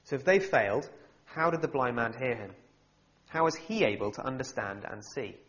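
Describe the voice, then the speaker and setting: A young man preaching a sermon, humorous and animated, with wry asides. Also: mid-range voice, moderate pace. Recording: slightly dull, muffled sound.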